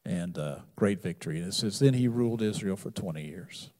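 A man preaching a sermon, retelling a Bible story with wry humor and big swings between loud emphasis and quiet asides. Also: sits low, lively intonation, fairly quick. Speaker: pastor.

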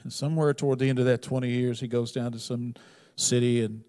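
A man preaching a sermon, retelling a Bible story with wry humor and big swings between loud emphasis and quiet asides. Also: medium pitch, flat delivery, fairly quick, smooth. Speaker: pastor.

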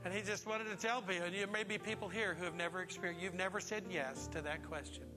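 A man's voice: high-pitched, steady tone, fast talker, long reverb tail, over music. A man pastor preaching a sermon, emphatic and full of rhetorical questions to the congregation. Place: church sanctuary.

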